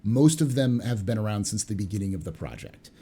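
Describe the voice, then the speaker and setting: Podcast host reading community questions. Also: male voice, fairly low pitch, animated, a little fast, dark tone, breathy edge.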